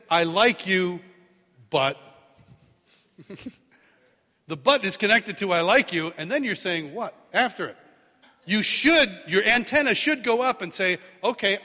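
Middle-aged male preacher with a high voice, lively storyteller, acts out dialogue, reverberant church hall. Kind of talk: sermon. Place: large church hall with live congregation.

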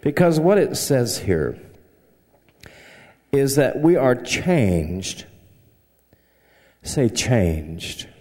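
This pastor from the southern United States speaks extremely slowly at medium pitch, with long pauses, big pitch swings, and a dark tone. Despite that, his sermon is folksy and humorous, told in a Southern accent through anecdotes, heard in a long hall reverb.

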